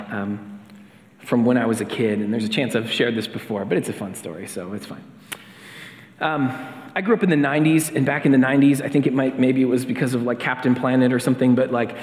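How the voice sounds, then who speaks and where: Casual pastor preaching in an echoey hall. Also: male voice, medium pitch. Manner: casual, chatty, with fillers and restarts. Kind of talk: sermon with a personal story. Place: church sanctuary. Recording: echoey hall with long reverb.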